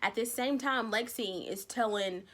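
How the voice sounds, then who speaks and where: A woman giving a casual recap of a TV episode, retelling the plot with animated storytelling and acting out what the characters say. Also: fairly high pitch, measured pace. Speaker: TV recap vlogger.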